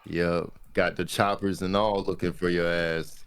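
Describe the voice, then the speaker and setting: Low-voiced male co-host, profane, jokey, emphatic. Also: flat delivery, a little slow, slight background noise. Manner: joking, profane, emphatic agreement. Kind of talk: casual podcast chat.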